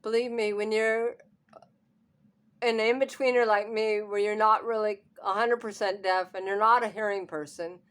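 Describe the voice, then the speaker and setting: A woman's voice: mid-range voice, steady tone, normal speed, a bit bright. Hard-of-hearing woman vlogger, upset, near tears, nervous laughter, camera mic at home. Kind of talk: emotional personal vlog.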